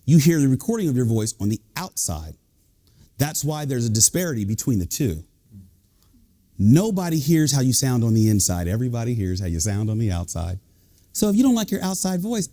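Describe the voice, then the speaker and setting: A man, an executive coach and leadership speaker, giving a lively, joking talk to a live audience. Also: medium pitch. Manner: lively, joking, animated delivery.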